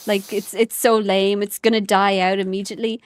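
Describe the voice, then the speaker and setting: A woman's voice: mid-range voice, little pitch movement, brisk, no room sound. A young woman from Ireland streaming a game, chatting casually with viewers in a giggly, rambling way, often correcting herself. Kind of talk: casual gameplay chat with viewers.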